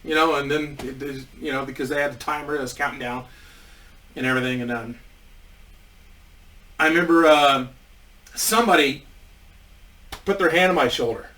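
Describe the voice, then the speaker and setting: Man, rambling casual storytelling, bright higher voice, a bit far from the mic. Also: moderate pace, pauses often. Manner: rambling with many restarts and swearing. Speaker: indie wrestler telling a story.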